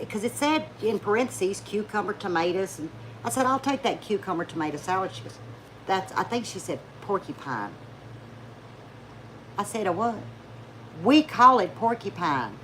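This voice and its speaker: A woman's voice: mid-range voice, a bit bright, a little hiss or hum. A woman telling folksy stories to her viewers in a chatty way, laughing often and acting out the people she talks about. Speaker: YouTube vlogger. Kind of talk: casual storytelling chat to viewers.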